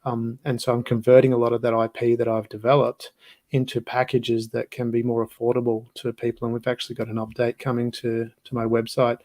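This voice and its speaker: A man's voice: mid-range voice, a little mellow, no echo. A middle-aged Australian man, a guest on a podcast interview, talking in a chatty, self-promoting way with lots of fillers. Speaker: guest, business consultant.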